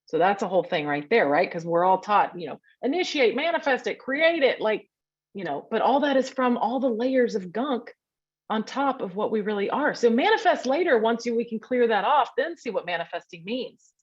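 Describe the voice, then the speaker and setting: A woman's voice: fairly high pitch, expressive, moderate pace, breathy edge, dull audio. A woman teaching a workshop in a chatty way over a video call, often sounding out little grunts and hums as examples.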